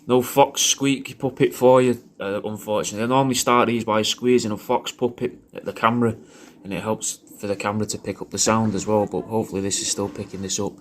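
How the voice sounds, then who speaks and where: A man with an English regional accent giving a rambling, crude, deadpan comic monologue as a personalised video message. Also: fairly low pitch, quick pace, a little hiss or hum. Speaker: comedic character doing a personalised video message.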